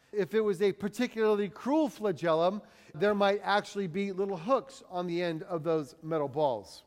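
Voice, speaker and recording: High-voiced preacher in a reverberant hall. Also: male voice. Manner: dramatic, rising for emphasis and dropping low and quiet. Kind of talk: sermon.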